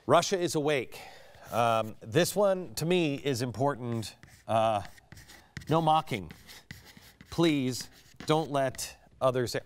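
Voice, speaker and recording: A middle-aged man hosting a political monologue show, dramatic, dropping to a hush and then rising to hammer his points. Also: mid-range voice, expressive, takes it slowly, long pauses. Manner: dramatic, swings between hushed and emphatic. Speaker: host.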